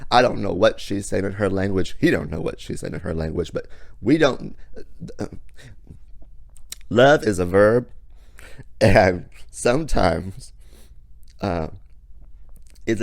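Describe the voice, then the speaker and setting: A man casually telling a personal story, animated and folksy, with sudden jumps up in pitch. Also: gravelly, no echo. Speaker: storyteller host.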